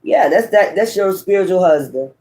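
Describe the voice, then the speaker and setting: A man with a high voice gives a loose, profane spiritual reading. He speaks straight to his viewers with emphasis and keeps tossing in "right?" and "okay?" as he goes. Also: animated, normal speed, mellow. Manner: frequent rhetorical tag questions. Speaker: tarot reader.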